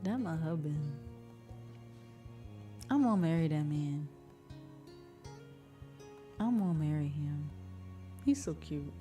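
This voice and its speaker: Brief: laid-back woman streamer, low voice, slow easy delivery, off-mic with faint background music, quick to laugh. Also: lively intonation, warm tone, recorded from a distance. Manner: laughs often, swears casually. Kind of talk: casual stream chat.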